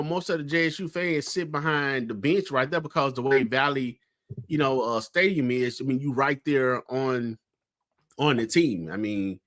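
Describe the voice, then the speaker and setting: A man with a slightly high voice, co-hosting a casual sports chat. He tells what he saw at a game in an easy, conversational way, with plenty of fillers. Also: a bit bright. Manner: storytelling, conversational, many fillers. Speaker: co-host.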